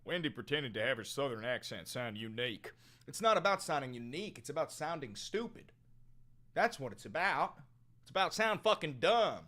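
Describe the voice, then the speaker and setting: A young man plays a brash, foul-mouthed livestreamer who calls everyone brother. The voice is bright and pushy, and it swerves between low mumbling and loud outbursts in a comedy sketch. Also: very animated, moderate pace. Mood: mocking. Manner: swaggering, profane, swings from mumbling to shouting.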